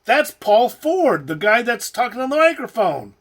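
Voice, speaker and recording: Over the faint soundtrack of an old movie, a person names the actors they see in a casual watch-along, their medium-pitched voice swinging widely in pitch at a moderate speed. They sound musing and unsure, frequently letting sentences trail away.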